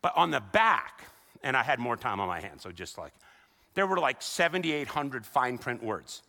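A man preaching a sermon as a pastor, conversational and animated, acting out the voices of the people he quotes. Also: mid-range voice, moderate pace. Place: church sanctuary. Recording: long reverb of a large hall.

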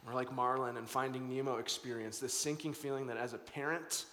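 A man's voice: mid-range voice, fairly even intonation, a little fast, fairly bright tone, slight background noise. A man in his thirties preaching a sermon as pastor, earnest and conversational, often repeating words as he restarts. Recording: echoey hall.

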